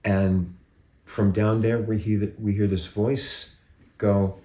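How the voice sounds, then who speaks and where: A man's voice: fairly low pitch, slow. A man hosting a casual chat, telling stories with hesitant restarts. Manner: relaxed storytelling with hesitant restarts. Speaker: podcast host. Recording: roomy echo.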